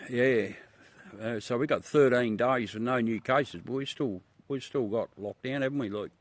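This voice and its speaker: An Australian man who hosts a livestream and chats casually with his viewers. He talks bluntly, swears freely and calls everyone mate, at an ordinary middle pitch. The recording is close and dry, with no room sound. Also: moderate pace, no echo. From South Australia. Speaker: livestream host.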